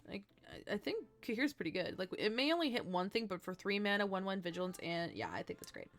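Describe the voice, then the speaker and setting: A woman's voice: medium pitch, big pitch swings, fast, a little hiss or hum. A tired woman casually chatting on a livestream as she builds a card deck, thinking aloud, humming and trailing off. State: tired, yawning.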